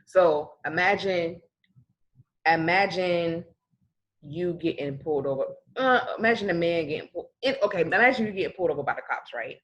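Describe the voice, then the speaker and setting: A woman co-hosting a casual podcast chat, talking in an animated way and acting out scenarios as she speaks. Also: fairly low pitch, moderate pace, muffled recording. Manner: animated, acts out scenarios in speech. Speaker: podcast co-host.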